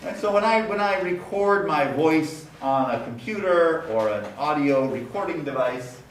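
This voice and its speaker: A man lecturing on phonetics, speaking deliberately and repeating example words to demonstrate sounds. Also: on the high side, lively intonation, slight background noise. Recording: echoey room, mic at a distance, faint ambience.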